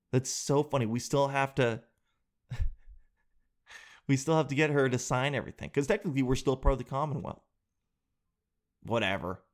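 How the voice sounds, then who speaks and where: Joking Canadian podcast host. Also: male voice, medium pitch, moderate pace, long pauses. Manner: animated, joking, slangy. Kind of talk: casual podcast chat.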